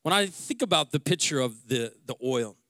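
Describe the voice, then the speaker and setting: A pastor in his forties preaches in a loose, animated, conversational way, often restarting his sentences. His voice is bright and fairly high for a man. The sound is dry and close, with no room echo. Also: moderate pace. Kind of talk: sermon with personal story.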